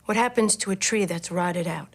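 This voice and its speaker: An actress playing a calm female psychiatrist who questions her patient in a measured, patient way. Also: lowish voice.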